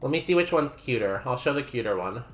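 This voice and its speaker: A man's voice: medium pitch, lively intonation, quick pace, fairly bright tone. A man streaming a game, chatting casually and rambling while he reads messages from chat aloud.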